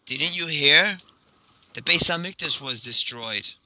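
A man voicing a gentle, wise old rabbi who speaks calmly and reassuringly. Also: sits high, moderate pace, a little hiss or hum, voice pushed up, rough recording. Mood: earnest. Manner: calm, reassuring.

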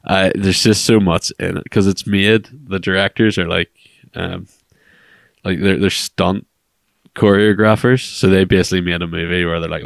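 A man with a very low, gravelly voice rambles his way through a casual podcast chat, circling back on himself with fillers and false starts. The sound is dry and close to the mic. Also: steady tone, normal speed, no echo. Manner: rambling, many fillers and restarts. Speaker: podcast co-host.

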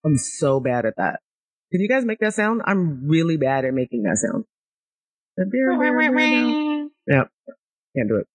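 A woman's voice: extremely low pitch, expressive, moderate pace, darkish tone. A woman in her thirties hosting a podcast in casual chat, playful and laughing, stuffy from a cold. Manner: playful, laughing, self-mocking. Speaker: podcast host.

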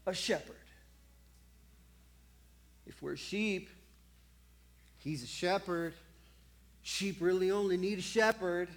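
Male preacher, theatrical sermon delivery, sharp loud-to-quiet swings, repeats phrases and plays out short dialogues. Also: sits high, takes it slowly, long pauses. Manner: dramatic, swings between loud outbursts and hushed lines; acts out little dialogues and repeats phrases for effect.

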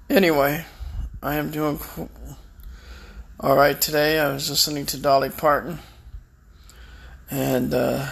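A man's voice: a little high, vocal fry, slight background noise. A man delivering a bitter, defiant personal rant, swearing and taunting his enemies. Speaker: vlogger. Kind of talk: angry personal rant to camera.

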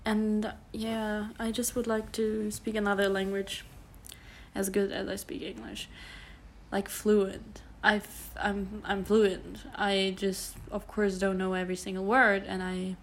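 Young German woman, flat rambling talk. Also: mid-range voice, unhurried, a little hiss or hum. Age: around 20. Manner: rambling, self-correcting, many fillers. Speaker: podcast host. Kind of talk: casual solo podcast monologue.

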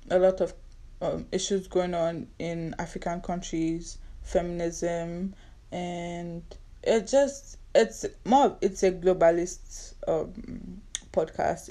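A woman in her twenties with a Nigerian accent hosts her own podcast, chatting solo in a casual, sarcastic, bantering way. Her voice is lowish and mellow.

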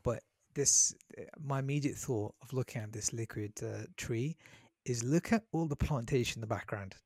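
A man, co-hosting a casual podcast chat in an animated, bantering way. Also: medium pitch, no echo, clean studio sound. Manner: animated, bantering, quick to laugh. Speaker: podcast co-host.

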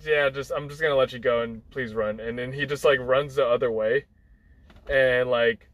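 A man's voice: medium pitch, fairly even intonation, normal speed, a bit bright, no echo, rough recording. Young man, casual storyteller, rambling, lots of fillers, acts out quotes. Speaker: guest storyteller. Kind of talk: casual anecdote telling.

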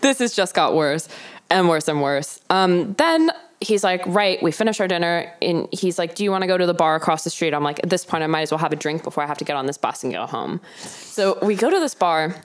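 A woman's voice: on the low side, a little fast. A young woman with a Southern American accent, co-hosting a casual chat and telling stories with lots of laughter. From Southern United States. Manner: animated storytelling, laughs often, acts out quoted voices. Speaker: podcast co-host.

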